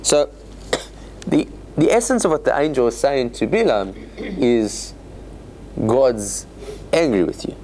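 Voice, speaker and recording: A man teaching a Torah study class as a rabbi, explaining scripture in an animated way with joking asides. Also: mid-range voice, slow pace, pauses often, slight background noise. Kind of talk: informal Bible lecture.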